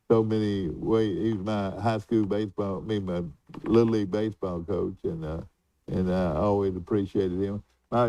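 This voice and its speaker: A man's voice: lowish voice, vocal fry, warm tone, dry recording, distant mic, poor audio. An older man, reminiscing in casual chat as co-host, rambling with many fillers and restarts.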